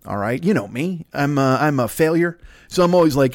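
A man's voice: on the high side, lively intonation, fairly quick, no echo, clean studio sound. A man hosting his own podcast, a comedian rambling in a profane, self-deprecating solo monologue.

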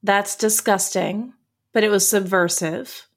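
A woman plays a tabletop game with a dry, wry way of talking. Her voice sits at a middle pitch. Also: a little slow. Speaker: player.

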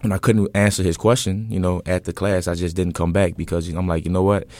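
A man in his twenties telling his story in an interview, earnest and relaxed, with many fillers and restarts. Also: low-pitched, a little fast, dry recording. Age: 20s. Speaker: interview guest, entrepreneur.

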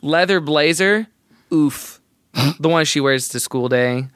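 A man's voice: a little high, takes it slowly, a bit bright, smooth, no echo, studio quality. A young adult man co-hosting a podcast, chatting casually and joking playfully with frequent laughs. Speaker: podcast co-host. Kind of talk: casual chat.

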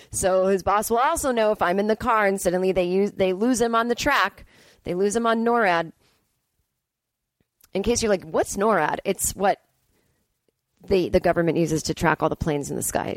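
A woman in her forties hosting a podcast, telling comic stories in a profane, ranting, animated way. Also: mid-range voice, no room sound. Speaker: podcast host. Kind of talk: comedic storytelling monologue. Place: Brooklyn.

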